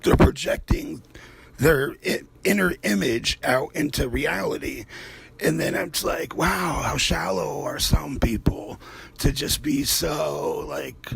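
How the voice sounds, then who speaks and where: Speaking slowly in a somewhat high, gravelly voice with a breathy edge, an artist hosts his own show while painting. He rambles casually, swears freely, and wanders off into loose asides.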